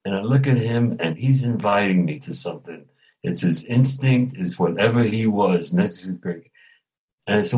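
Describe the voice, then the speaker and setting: Husky-voiced man telling a story. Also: on the low side, moderate pace, poor audio. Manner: animated storyteller who acts out quoted voices. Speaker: guest actor. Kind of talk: storytelling anecdote.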